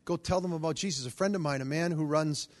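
A middle-aged man preaching and telling a story in an animated way, acting out the voices of the people in it. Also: on the high side, quick pace. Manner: animated, acts out quoted voices. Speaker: Catholic charismatic preacher. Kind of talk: storytelling sermon.

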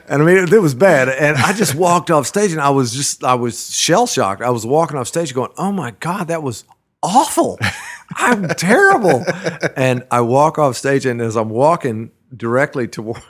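Rambling man telling road stories. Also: medium pitch. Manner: rambling, many fillers and restarts, laughs at his own stories. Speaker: musician recalling his career. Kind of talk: casual storytelling interview.

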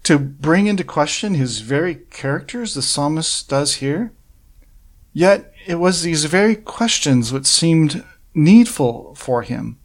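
A man preaching a sermon, working through a psalm verse by verse in an earnest, measured way and asking rhetorical questions. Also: on the high side, animated.

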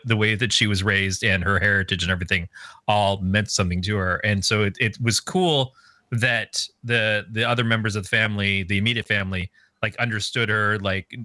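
A man chatting casually about a movie, recapping the plot in a measured, thoughtful way. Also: fairly low pitch, bright, forceful tone, no echo. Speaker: podcast co-host. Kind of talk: casual movie review chat.

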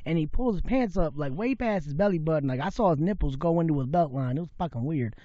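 A man with a fairly high voice tells a rambling, profane story as a podcast guest. He swears constantly and slips into other people's voices. The sound is dry and dull, like a lo-fi recording. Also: lively intonation, quick pace, warm tone, no echo. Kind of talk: casual podcast chat.

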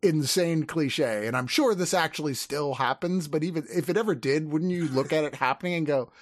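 A man's voice: fairly high pitch, fairly quick. A man hosting a podcast, reviewing a movie in a chatty, joking way and laughing often. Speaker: podcast host.

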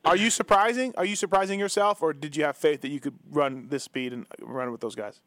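Man, talk show host, teasing, fairly high pitch, dry close sound. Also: brisk, fairly bright tone, no room sound. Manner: joking, teasing banter. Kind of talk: casual radio talk show.

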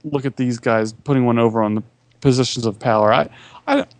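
Podcast co-host: mid-pitched man, earnest and halting, dry close sound. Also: fairly even intonation, no room sound. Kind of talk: casual chat.

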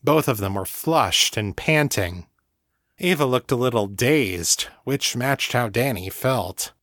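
A man reading a novel aloud as narrator, measured and even. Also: mid-range voice, no echo, studio quality. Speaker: audiobook narrator. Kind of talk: scripted narration.

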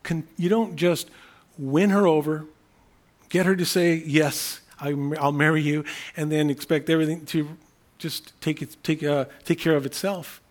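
A man preaching a sermon in an earnest, unscripted way, often restarting phrases and repeating key words slowly for emphasis. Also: a little high, fairly even intonation. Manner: earnest, thinking aloud with frequent restarts. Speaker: pastor.

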